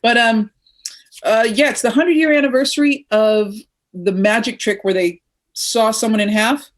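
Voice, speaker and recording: A woman sharing news in casual podcast chat, with quick asides and fillers. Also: a little high.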